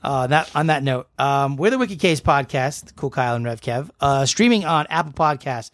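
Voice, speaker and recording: A man's voice: mid-range voice, lively intonation, moderate pace, a bit bright, no echo, clean studio sound. A young man co-hosting a podcast, joking and rambling through the show info. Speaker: podcast co-host. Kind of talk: casual chat.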